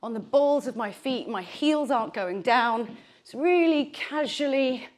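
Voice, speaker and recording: Unhurried and expressive, a fitness instructor with a high voice and darkish tone talks through a bodyweight workout while out of breath. She chats and encourages throughout, using fillers such as "like" and "okay."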